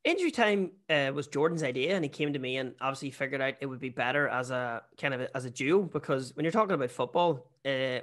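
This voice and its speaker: Guesting on a podcast, this Northern Irish comedian with a Newry accent keeps things casual and self-deprecating, full of restarts. His mid-range, fairly bright voice races along with hardly any pauses.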